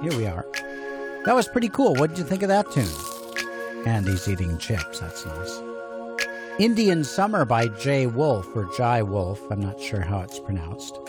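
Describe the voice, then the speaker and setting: A man's voice: medium pitch, big pitch swings, moderate pace, over music. A man hosting a casual homemade radio show, bantering playfully in a fatherly way. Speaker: host.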